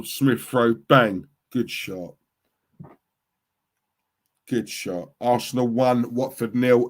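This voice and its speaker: A middle-aged man hosting a football watchalong, reacting loudly to the game and reading out chat comments. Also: mid-range voice. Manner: animated, reacts loudly to goals and reads chat.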